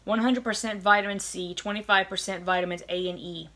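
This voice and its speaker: A young woman chatting in a gushing, excited way while unboxing snacks for her viewers. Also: medium pitch, a little fast. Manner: gushing and chatty, lots of oh my goodness. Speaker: vlogger unboxing a snack box. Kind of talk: casual chat.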